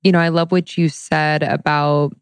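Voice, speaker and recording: A woman hosting a relaxed podcast chat, her voice among the lowest for a woman. She talks in an easy, affirming way and agrees readily. The sound is dry and close. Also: clear, resonant tone, no echo. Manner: warm, affirming, quick to agree. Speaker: podcast host. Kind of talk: casual interview chat.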